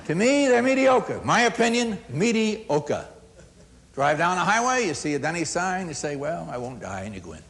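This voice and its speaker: A middle-aged man gives a keynote talk, telling stories and acting out the dialogue. His voice is high and very expressive, and it swings from booming to hushed. He sounds like a practiced stage speaker. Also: normal speed, background noise. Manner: animated storyteller acting out dialogue, with big swings from loud to hushed. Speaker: motivational speaker on customer service.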